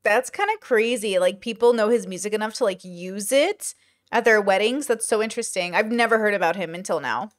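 A woman giving casual reaction commentary, chatty and thinking aloud as she pauses a video to comment. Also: mid-range voice. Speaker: commentary streamer.

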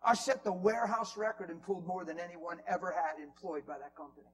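A man preaching in a church, telling a story with animated swings from loud bursts to near whispers. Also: sits high, fast talker, poor audio. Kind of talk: storytelling sermon. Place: church hall.

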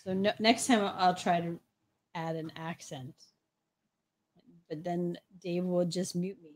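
A woman's voice: fairly low pitch, fairly even intonation, measured pace. A woman co-hosting a casual livestream, reading chat comments aloud and joking around in a playful, giggly way.

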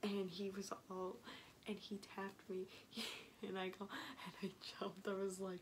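A woman's voice: mid-range voice, level tone, normal speed, darkish tone, slight background noise, low-quality recording. Chatty young woman slipping into whispers. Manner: rambling, chatty, often dropping to a whisper. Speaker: vlogger. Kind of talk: casual video diary chat.

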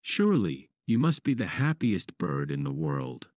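A sorrowful male raven in a storybook fable pleads in a slow, heavy voice, as a man voices him. The voice sits very low and moves widely in pitch. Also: big pitch swings, darkish tone, no room sound, studio quality. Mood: pleading.

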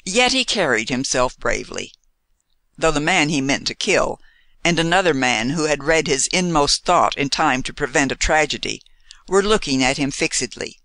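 A man narrating an audiobook novel in an expressive, measured storytelling manner. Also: a little high, no echo.

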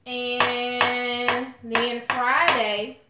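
Her voice is a little high, flat, and extremely slow as she hosts a relaxed live cooking stream in her home kitchen. She addresses viewers as honey and y'all, and the recording carries echo and faint noise.

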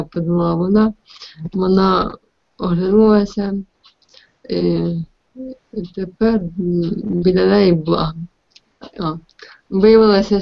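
A woman student translating a story aloud in an online class, hesitant and full of pauses and fillers. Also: fairly low pitch, gravelly. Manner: hesitant, many fillers and restarts. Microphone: video call. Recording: dull lo-fi online call audio.

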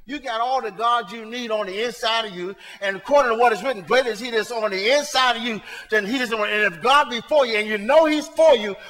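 A male pastor preaching a sermon to his congregation, swinging between soft asides and shouted points, talking to them in a casual, colloquial way. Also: extremely high pitch, fast, few pauses, long reverb tail. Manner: colloquial, talks straight to the congregation. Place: church sanctuary.

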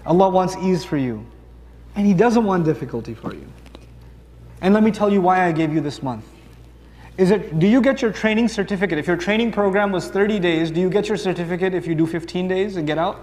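Male preacher, high voice, animated, lets quick dialogues play out, big reverberant hall. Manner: animated, acts out dialogues for the audience. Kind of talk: sermon. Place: large hall with long reverb.

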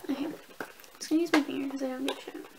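A woman's voice: sits high, steady tone, rapid-fire, gravelly, heavy background noise. A young woman casually telling stories and chatting while doing her makeup, swearing and laughing often. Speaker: beauty vlogger. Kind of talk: casual get-ready-with-me chat.

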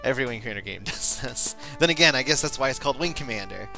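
Bright-voiced joking game commentator. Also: male voice, mid-range voice, lively intonation, fast talker, gravelly, soft background music, low-quality recording. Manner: joking, self-deprecating, rambling. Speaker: let's play commentator. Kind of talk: gameplay commentary.

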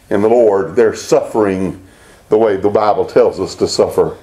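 A pastor preaching a Baptist sermon, rising into emphatic bursts and reading scripture aloud. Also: male voice, on the low side, expressive, normal speed, dark tone.

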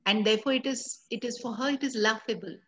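A woman's voice: on the high side, fast talker, poor audio. A woman in a book club discussion, earnestly building her points step by step.

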